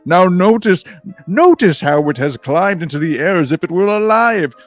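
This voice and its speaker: A man's voice: animated, normal speed, faint music behind. A man doing a grand, boastful street magician. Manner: theatrical, booming announcer delivery.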